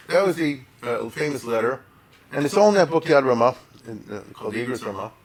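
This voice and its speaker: A man lectures as a rabbi in a casual, conversational way, using Hebrew and Yiddish terms freely. His voice sits at a middle pitch but swings widely, rising sharply when he acts out quoted speech. He keeps checking in with "right?" and "you follow?". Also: quick pace. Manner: animated, asks listeners "right?" and "you follow?" often.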